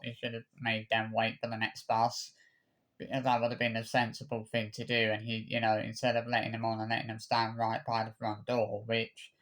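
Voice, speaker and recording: Stammering, indignant man ranting. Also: medium pitch. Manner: halting, many stammered restarts and repeated words; swears freely, indignant. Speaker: vlogger. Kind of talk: angry personal rant.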